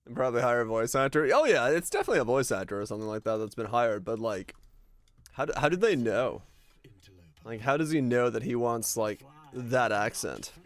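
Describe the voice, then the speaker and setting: A man's voice: medium pitch, lively intonation, brisk, no echo. Musing male streamer, dry close sound. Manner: musing, rambling, answers chat. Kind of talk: casual stream chat while gaming.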